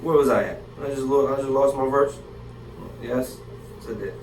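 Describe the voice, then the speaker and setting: A man's voice: mid-range voice, normal speed. A man teaching from the Bible in a casual, slang-filled way, talking straight to his listeners and reading verses aloud. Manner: slangy, animated, talks to the audience directly. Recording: echoey room, distant mic, faint hiss.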